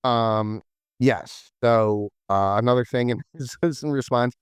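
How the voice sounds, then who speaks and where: A man's voice: mid-range voice, slow, smooth, no echo, studio quality. A man hosting a casual podcast chat, rambling through game lore with lots of "like" and "um". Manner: rambling, full of "like" and "um".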